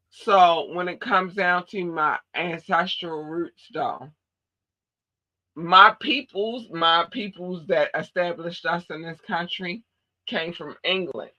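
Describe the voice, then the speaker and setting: A woman's voice: deep voice, bright, forceful tone, highs cut off. A woman from Baltimore with a Baltimore accent, podcast host in casual chat, talking in an emphatic, blunt and profane way. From Baltimore, USA.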